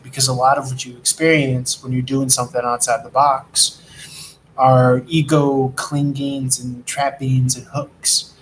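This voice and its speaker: Flat-voiced man rambling on the move. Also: medium pitch, slight background noise, rough recording. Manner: rambling, profane, streetwise spiritual talk. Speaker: tarot reader and delivery rider. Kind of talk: casual spiritual rambling monologue. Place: riding an e-scooter outdoors in traffic.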